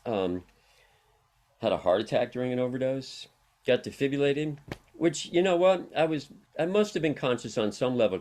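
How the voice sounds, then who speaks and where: A man's voice: mid-range voice, a little mellow. A middle-aged man talks as a guest on an interview show. He tells long, wandering personal stories in a casual way and laughs often between them. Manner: rambling, anecdotal, laughs often. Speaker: interview guest, harm reduction worker.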